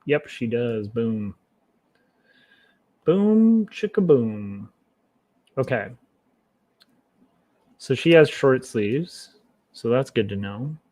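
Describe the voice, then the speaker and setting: Slow, easygoing man thinking aloud. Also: medium pitch. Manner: thinks aloud, relaxed and self-mocking. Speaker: comic artist streaming his work. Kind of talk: casual livestream commentary while drawing.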